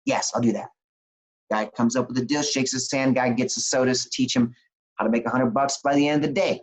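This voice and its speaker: Interview guest, male, mid pitch. Animated, plain-spoken motivational storyteller. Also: low-quality recording. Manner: animated, plain-spoken, repeats words in quick restarts. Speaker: interview guest, business coach.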